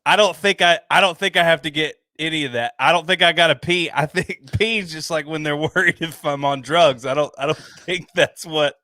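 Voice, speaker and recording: A tipsy man hosting a boozy podcast chat, talking in a rambling, excitable way and breaking into laughter. His voice is bright and a touch high, recorded close and dry with no room sound. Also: normal speed, few pauses, no room sound. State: tipsy from whiskey. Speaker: podcast host. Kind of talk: casual chat over drinks.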